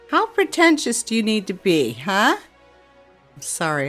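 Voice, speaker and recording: A woman's voice: mid-range voice, big pitch swings, a little slow, long pauses, a bit bright, faint music behind. A woman giving gameplay commentary as she plays a city-building game, exasperated and grumbling to herself about the controls. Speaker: game streamer.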